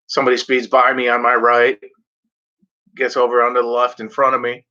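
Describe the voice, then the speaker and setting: This vlogger's mid-range voice is bright and forceful, steady in tone, at normal speed with frequent pauses. At home in front of a blanket he rambles through a profane, casual rant, mock-voicing other drivers, all in a dull lo-fi recording.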